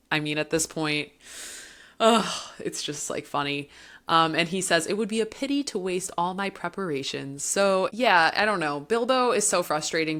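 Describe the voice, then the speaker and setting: Earnest young woman chatting about a book, low voice, lots of um and like. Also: a bit bright. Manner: earnest and emotional, many fillers, reads quotes aloud. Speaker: book podcast host. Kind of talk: casual book discussion.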